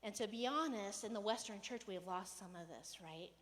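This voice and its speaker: A woman pastor giving a casual, conversational sermon, animated and playful, sometimes raising her voice to act out a rant. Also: mid-range voice, fairly quick, big-room sound. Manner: conversational, animated, acts out rants with raised voice. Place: church hall.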